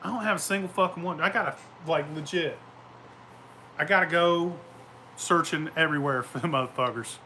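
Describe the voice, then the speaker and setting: A man's voice: fairly high pitch, a little fast, bright, forceful tone, a little hiss or hum. A man chatting casually outdoors at home, telling rambling, profane stories and laughing often. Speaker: vlogger. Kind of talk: casual chat.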